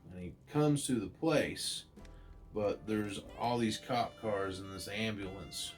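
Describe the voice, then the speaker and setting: A man's voice: fairly low pitch, slow pace, over music. A man hosting his channel, casually retelling a comic story in a chatty way with many fillers. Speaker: comic book channel host.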